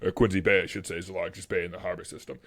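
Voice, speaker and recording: A man with a Boston accent, co-hosting a podcast in casual, animated chat and laughing often. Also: sits low, rapid-fire, dry recording. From Massachusetts. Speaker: podcast co-host.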